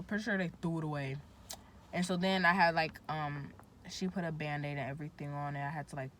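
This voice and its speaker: Young woman, casual story time, bright and forceful, lowish pitch. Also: slight background noise. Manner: animated, indignant retelling with lots of "like". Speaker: vlogger.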